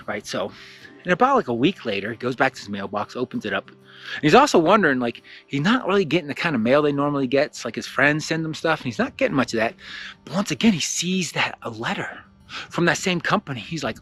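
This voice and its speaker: A man telling a casual teaching story, acting out the characters' lines with lots of fillers and a slightly husky voice. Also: mid-range voice, fast, soft background music. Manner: animated, acts out quoted lines, frequent fillers. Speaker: spiritual teacher.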